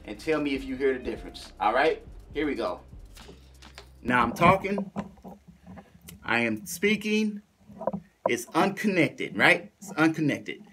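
A man casually demonstrating and reviewing a small audio mixer for his viewers, chatty and relaxed. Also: mid-range voice, a little slow, long pauses, music in the background. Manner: laid-back, chatty, addresses viewers as y'all and man. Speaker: gear reviewer. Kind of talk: casual product demo vlog.

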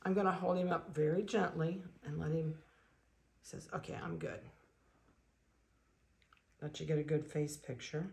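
Breeder lady talking casual, kinda low voice, lots of fry, coos softly now and then. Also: fairly even intonation, moderate pace. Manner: chatty, coos softly to puppies. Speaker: dog breeder. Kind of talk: casual video narration.

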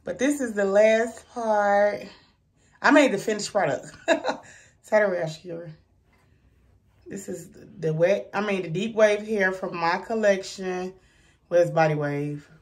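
A woman's voice: mid-range voice, unhurried, long pauses. A woman in her thirties vlogging in casual chat, talking straight to her viewers in a chatty, colloquial way.

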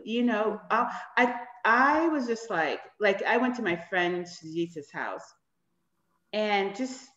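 Woman, casual talk, animated storyteller who mimics others; roomy, muffled room sound. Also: a little high. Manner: animated storyteller who acts out quoted dialogue. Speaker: cast member discussing an episode. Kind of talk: casual chat.

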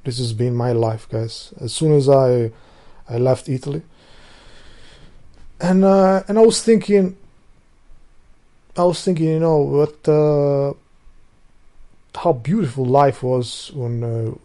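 Rambling man, mellow voice. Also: mid-range voice, slow, long pauses. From Albania. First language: Albanian. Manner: rambling, profane, loses his thread and restarts sentences. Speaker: vlogger. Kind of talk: casual rambling monologue.

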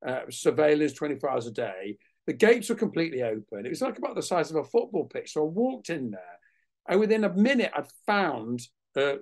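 Animated man telling a story. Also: on the high side. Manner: lively and animated, acts out the voices of others. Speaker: guest naturalist. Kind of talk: anecdotal storytelling in a webinar interview. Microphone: video call.

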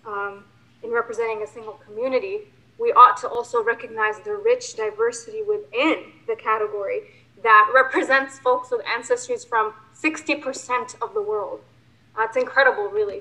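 A woman board member speaks off the cuff, hesitant, filling pauses and restarting her sentences. Her voice is bright and forward, set a little high for a woman. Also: rough recording. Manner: hesitant, with many fillers and restarts. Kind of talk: unscripted remarks at a public meeting.

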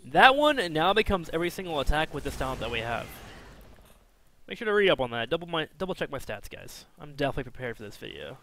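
A man giving casual, self-mocking commentary while playing a video game, chatty and jumping between excited outbursts and low mumbles. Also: fast talker, slight background noise.

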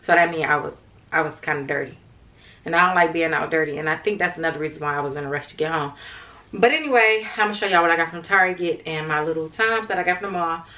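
A young woman vlogs from her car and later her home, chatting casually with her viewers and calling them "y'all" constantly. Her deep voice is fast, bright and forceful. She records with a handheld camera mic.

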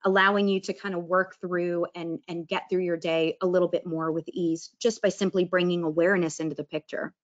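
A woman's voice: on the low side, little pitch movement, fairly quick, hardly any pauses, lo-fi sound. Chatty woman teaching mindfulness. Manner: chatty, acts out quoted inner voices. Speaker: wellness presenter. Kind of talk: casual presentation on mindfulness.

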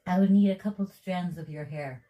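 A woman's voice: lowish voice, a little fast, muffled recording. A Japanese woman with a Japanese accent, chatting casually and teasing in a playful way. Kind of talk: casual chat.

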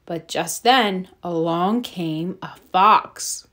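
Slow, expressive woman reading a storybook. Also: fairly low pitch. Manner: slow, expressive, sing-song. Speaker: children's story reader. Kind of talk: storybook read-aloud.

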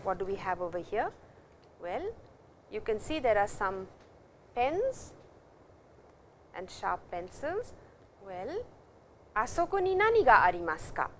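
A woman's voice: mid-range voice, big pitch swings, unhurried, long pauses, a little hiss or hum. A woman teaching a language lesson, who patiently repeats and stresses example phrases. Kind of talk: classroom lecture.

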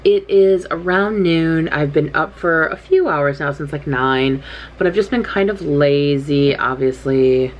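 Chatty low-voiced young woman vlogging. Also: unhurried, muffled recording, a little hiss or hum. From California. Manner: rambling, chatty, self-deprecating. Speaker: writing vlogger. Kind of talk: casual vlog chat. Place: bedroom at home, in doors.

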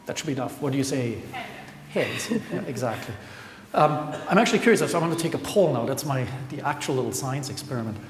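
A man's voice: mid-range voice, lively intonation, quick pace. A chatty man speaks to a live audience from a lecture hall, often laughing and counting aloud as he explains. His voice rings through the room's long reverb, with a faint hiss underneath. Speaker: scientist presenter. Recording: echoey hall with faint noise.

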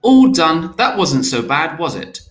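A man voicing a gentle male nurturer who coos at newborns in sing-song baby talk. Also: a little high, big pitch swings, normal speed, reverberant, pitched above the performer's own voice. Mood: cooing.

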